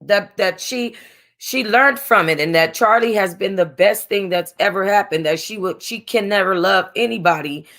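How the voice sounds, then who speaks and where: Teary woman host going over a reality show, gravelly fry in her voice, rambly and slangy, keeps restarting. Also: mid-range voice, normal speed, a bit bright. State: close to crying. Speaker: reality TV reviewer. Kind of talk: casual chat.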